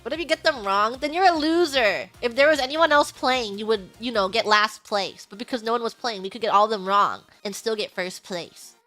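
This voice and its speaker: A woman streamer telling a story in casual chat, animated, laughing often and acting out the lines she quotes. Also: a little high, fairly quick, hardly any pauses, faint music behind.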